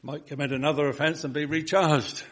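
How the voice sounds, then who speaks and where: In a slightly husky voice, a pulpit preacher gives a sermon fairly quickly with a steady tone. He rises into emphatic lines and then falls low and soft on single words, keeping the delivery earnest and rhythmic.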